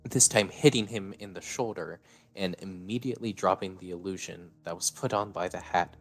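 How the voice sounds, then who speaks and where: A low-voiced man narrates a story live, plain and matter-of-fact, with the odd "uh." His voice is deep and steady. Soft music plays underneath. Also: normal speed, rough recording.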